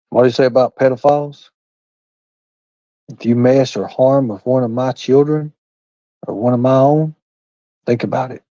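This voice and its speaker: A livestream host with a low-leaning, warm male voice goes on a heated rant that's blunt, profane, and preachy, using folksy expressions like "by God" and "ain't." The recording is dry and lo-fi.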